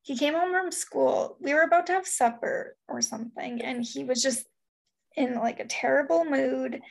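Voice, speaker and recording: A woman's voice: high-pitched, normal speed, creaky. A woman in her thirties talking candidly in a casual chat, rambling with lots of "like" as she shares stories as a parent.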